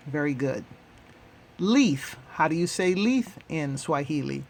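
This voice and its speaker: A man hosting and teaching a language lesson, repeating each word three times in a deliberate way. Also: on the high side, lively intonation, vocal fry. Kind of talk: slow, repetitive language lesson.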